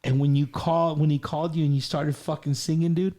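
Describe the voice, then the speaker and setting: Guy hosting, voice a bit high, rambly and profane, says everything three times. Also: level tone, a little fast, warm tone. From Texas. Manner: rambling, profane, repeats himself. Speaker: host. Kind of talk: loud storytelling in group chat.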